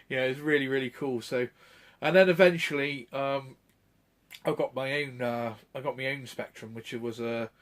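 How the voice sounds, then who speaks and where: A man's voice: mid-range voice, a bit bright. A man, chatting casually about his retro gaming hobby, rambling through anecdotes with fillers and chuckles. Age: 30s. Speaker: retro gaming channel host. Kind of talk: casual chat.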